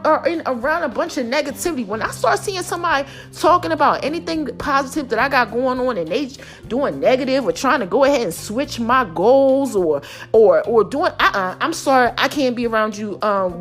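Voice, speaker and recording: A middle-aged woman, hosting her own podcast as a passionate, preachy motivational monologue addressed straight to listeners. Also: sits high. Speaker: podcast host.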